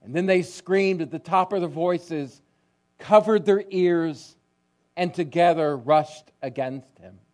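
A male pastor preaching a sermon, telling stories with drama, dropping to a hush and then rising loud. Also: a little high, slow pace. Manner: dramatic storytelling, swinging between hushed and loud.

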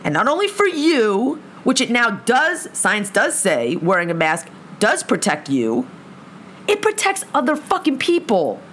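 A woman's voice: on the high side, huge pitch swings, unhurried, fairly bright tone, a little hiss or hum. A young woman ranting heatedly to camera, swearing constantly as she vents about her morning. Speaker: vlogger. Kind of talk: angry profane rant. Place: lives in a big city apartment.

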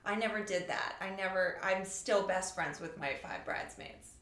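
Interview guest, woman in her forties, quick-witted storyteller, room echo on the track. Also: medium pitch, fairly bright tone. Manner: chatty, quick storytelling with wry humor. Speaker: author and show creator guest. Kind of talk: casual interview chat. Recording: echoey room.

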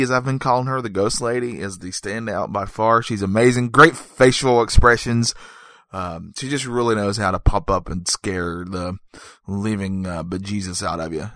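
A man's voice: lowish voice, a bit bright, dry recording. Male movie reviewer, casual joking delivery with self-corrections, dry close sound. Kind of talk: casual comedic monologue.

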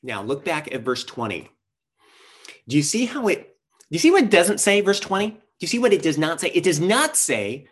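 Earnest preaching pastor. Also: male voice, a little high, sing-song, moderate pace, slightly rough. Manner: earnest, emphatic preaching with shifting pace and rhetorical questions. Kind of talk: sermon.

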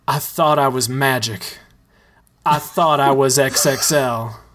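A man's voice: mid-range voice, takes it slowly, background noise, natural voice. A man voicing a dejected, self-pitying young male dancer in a comedic story reading. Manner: mopey, choked.

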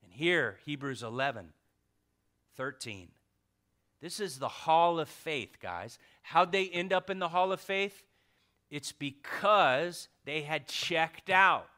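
A man in his thirties preaching a casual sermon, swinging from loud exhortation to hushed emphasis. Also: on the high side, slow pace.

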